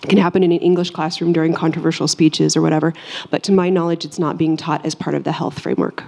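A woman's voice: deep voice, flat delivery, fast talker, vocal fry, mellow. A woman on a panel answering questions about school education, speaking carefully with many fillers.

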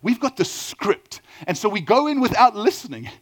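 A middle-aged man with a South African accent, preaching a sermon with lively storytelling and questions to the audience. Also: high voice, moderate pace. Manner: animated storytelling, asks the audience questions, acts out quoted dialogue. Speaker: pastor.

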